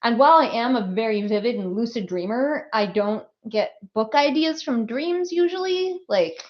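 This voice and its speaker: A woman hosting a casual livestream as an author, chatty and quick to laugh, full of little asides. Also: on the high side, expressive. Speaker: author hosting a book release stream. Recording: slightly muffled stream audio.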